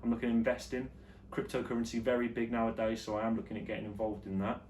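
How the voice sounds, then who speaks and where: A man hosting his own vlog show, chatting casually and jokily about the news, his voice jumping between loud and quiet. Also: medium pitch, completely flat delivery, quick pace, slight background noise. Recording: echoey room with faint ambience.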